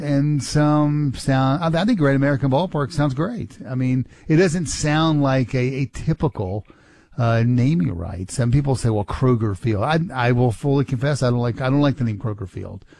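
A man's voice: mid-range voice, normal speed, a little mellow, no room sound. A man from Kentucky with a faint Southern accent, chatting casually on a radio show, rambling and correcting himself with small chuckles.

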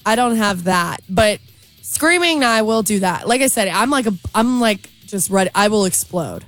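A woman co-hosting a morning radio show, chatting in a lively way with lots of likes and restarts. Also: mid-range voice, moderate pace, faint music behind. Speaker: radio co-host. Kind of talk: casual morning radio chat.

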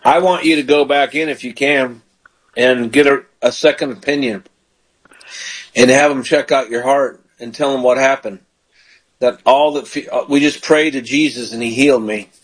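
A man's voice: mid-range voice, steady tone, normal speed, breathy edge, poor audio. Male pastor-host, fervent call-in prayer, mid-range voice. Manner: fervent, prays aloud in bursts of praise. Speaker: radio show host and pastor. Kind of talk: call-in prayer radio show.

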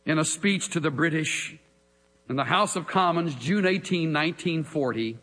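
A man preaching a sermon in a dramatic way, moving between hushed lines and emphatic calls. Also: a little high, moderate pace. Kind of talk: expository sermon. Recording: long hall reverb.

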